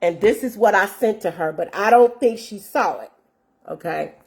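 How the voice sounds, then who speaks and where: A husky, darkish mid-range voice at normal speed belongs to a woman in her fifties who hosts her own show. She's telling viewers a story in an earnest, casual manner, calling them "y'all" and reading out messages.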